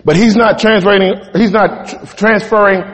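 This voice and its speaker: A man's voice: high voice, steady tone, moderate pace, fairly bright tone, long reverb tail. A man preaching a sermon in a conversational way, often asking the congregation "right?".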